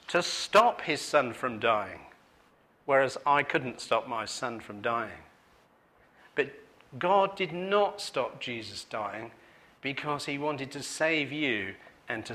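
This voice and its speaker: A middle-aged man gives a personal testimony sermon at a meeting. His voice is bright and forceful at a middling pitch. He tells his story earnestly and turns soft and low when he speaks of grief. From Manchester, England. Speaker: preacher. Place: meeting hall.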